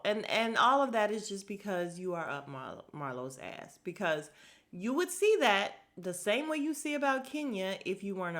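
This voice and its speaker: A woman's voice: mid-range voice, fairly bright tone. A woman hosting a podcast, recapping a reality show in a blunt, gossipy, sarcastic way and talking straight to her listeners. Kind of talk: casual recap chat.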